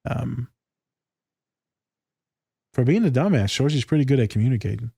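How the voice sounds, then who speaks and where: A man's voice: medium pitch, lively intonation, moderate pace, gravelly, warm tone, slightly rough, no echo, studio quality. A man in casual podcast chat, loose and candid, swearing freely and acting out conversations. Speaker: podcast co-host.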